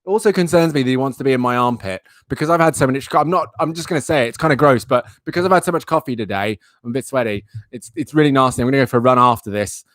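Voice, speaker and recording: A man's voice: medium pitch, rapid-fire, few pauses, a bit bright, dry recording. Playful man chatting on a livestream. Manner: playful, rambling, self-mocking. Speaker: livestream host. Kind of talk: casual live-stream chat.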